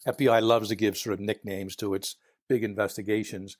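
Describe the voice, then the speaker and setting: This guest is a retired FBI agent, a Philadelphia man in his sixties whose accent gives him away. He speaks briskly in a lowish, slightly mellow voice with little pitch movement, spinning chatty anecdotes, laughing softly and voicing the people in them. The studio sound is clean, with no echo.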